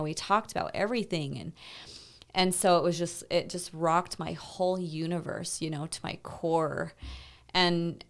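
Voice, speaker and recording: As a guest on a podcast, a woman in her thirties recounts a painful personal story with intensity, rambling and peppering it with "like" and "you know." She speaks on the low side, in a clear and resonant voice.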